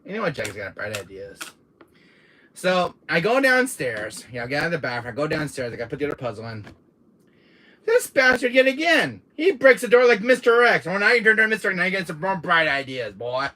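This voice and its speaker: A man's voice: fairly high pitch, huge pitch swings, brisk, bright, forceful tone, slight background noise. A man streaming, retelling a game run with frequent laughter and swearing. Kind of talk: live stream storytelling.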